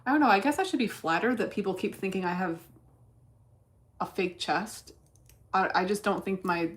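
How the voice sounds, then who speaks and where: A woman's voice: on the low side, slight background noise. A woman streaming her day trading in casual chat, blunt and cursing freely as she thinks aloud. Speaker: livestreamer trading stocks.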